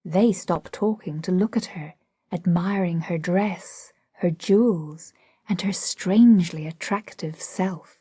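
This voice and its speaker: Slow, breathy woman narrating a play. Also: on the low side, no room sound, clean studio sound. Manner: reads the stage directions calmly. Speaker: audiobook narrator.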